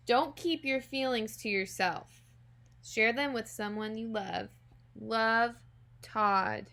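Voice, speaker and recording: A woman teacher reading a children's picture book aloud, gently and expressively, talking directly to young listeners. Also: a little high, slow. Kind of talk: children's storybook read-aloud.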